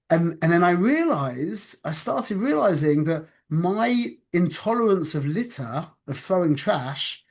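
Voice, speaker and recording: Earnest man, somewhat high voice. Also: a little mellow. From North London, England. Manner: earnest, repeats phrases, checks in with "yeah?". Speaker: spiritual teacher. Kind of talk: conversational spiritual talk. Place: his office.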